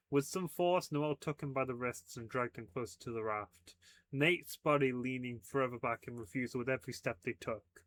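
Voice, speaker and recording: A man's voice: mid-range voice, moderate pace, a bit bright, no echo. Man reading a story with chatty asides. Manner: casual, laughing asides. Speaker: fanfic reader. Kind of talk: audiobook narration.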